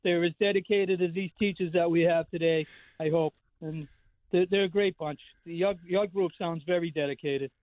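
A man's voice: a little high, steady tone, moderate pace, no echo. Talkative Boston man on a dull line. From Boston area. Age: 50s. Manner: rambling storyteller, lots of fillers and restarts. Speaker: regular call-in guest. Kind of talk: casual radio chat.

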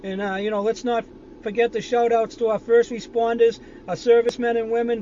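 A man in his fifties with a Boston accent, giving folksy birthday shout-outs in a casual recorded message. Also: very high voice, level tone, fairly quick, muffled recording, soft background music. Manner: folksy, upbeat well-wishing.

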